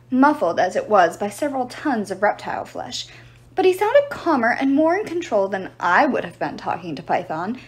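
A woman reading a novel aloud in an expressive, dramatic storytelling manner. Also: a little high. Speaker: reader.

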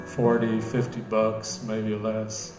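A man's voice: fairly low pitch, monotone, slow. A man reading as a callous, swaggering male robber with a griping, sneering delivery, over guitar in a roomy cafe.

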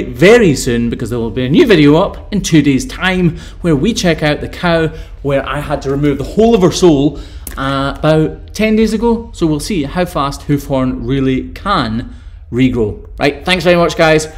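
A man's voice: on the high side, animated, normal speed. A Scottish man hosting a live stream, reading out viewer questions and answering them in an upbeat, chatty way. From Scotland.

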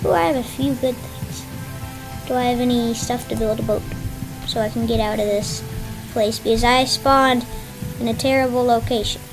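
High-voiced woman narrating her gameplay. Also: steady tone, normal speed, over music. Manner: chatty, talks to herself, yelps when surprised. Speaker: gameplay streamer. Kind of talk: casual gameplay commentary.

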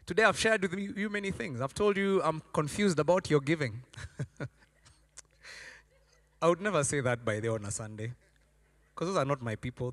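A man preaches with a high, lively voice that leaps up and down as he acts out stories. His tone is bright and ringing. A long hall reverb trails behind each phrase. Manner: animated storytelling, acting out voices. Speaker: pastor. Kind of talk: sermon.

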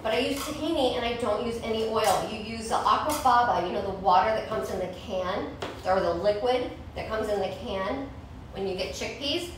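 A woman's voice: fairly high pitch, normal speed, heavy reverb, far from the mic, background noise. A woman hosting a casual home cooking show, chatting and snacking in her kitchen as she preps food. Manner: chatty, eats while talking, laughs easily.

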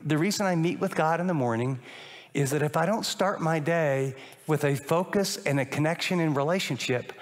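An older man preaching a sermon as a pastor, animated and acting out little dialogues. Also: a little high, moderate pace. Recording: long reverb of a large hall.

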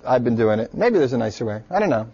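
A man teaching a computer science class in a relaxed, joking way. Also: mid-range voice, quick pace, slightly rough. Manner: relaxed and joking, with filler words. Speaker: lecturer. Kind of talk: classroom lecture. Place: lecture room. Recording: dull lo-fi classroom recording.

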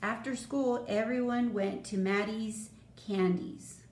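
A woman reading a children's story aloud in a slow, expressive, clear way. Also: fairly high pitch, distant mic. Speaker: storybook reader. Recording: roomy echo, faint noise.

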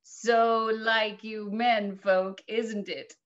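A woman's voice: on the high side, level tone, extremely slow. Woman doing a chirpy middle-aged country hostess, rattles on, muffled lo-fi sound. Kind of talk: stage reading.

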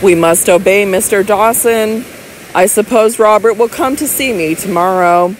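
A woman voicing an older baronet who speaks gravely and fondly to his wife. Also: medium pitch, a little slow, slight background noise, close to an everyday voice, rough recording. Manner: grave, affectionate, bewildered. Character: older male baronet, kindly, bewildered, fond husband.

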